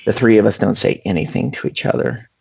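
Man, casual anecdote, husky voice, animated, muffled recording. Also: fairly low pitch, quick pace. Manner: animated, chatty, full of fillers. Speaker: guest storyteller.

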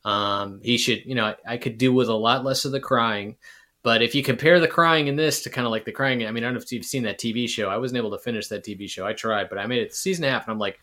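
A man's voice: mid-range voice, fast talker, pushed and bright. A man on a podcast as a guest, rambling with mocking asides in casual chat.

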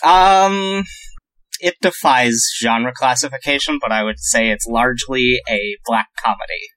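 A man's voice: mid-range voice, a little slow, pushed and bright, low-quality recording. Wry joking American man. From United States. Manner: joking, wry, swears for emphasis. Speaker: podcast co-host. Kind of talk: casual chat.

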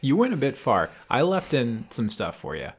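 Calm, dry-humored man with a lively voice. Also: mid-range voice, normal speed, breathy edge. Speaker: podcast co-host and editor. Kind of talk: casual chat.

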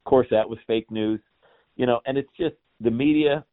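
A man in his forties, a podcast guest, ranting in an animated, scornful way in casual chat. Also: medium pitch, normal speed, no echo. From Cincinnati area, Ohio. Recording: tinny phone-like line.

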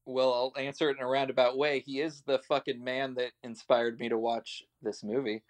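A man's voice: medium pitch, flat delivery, fairly quick. A man appearing as a guest on a casual podcast, rambling in a jokingly philosophical way.

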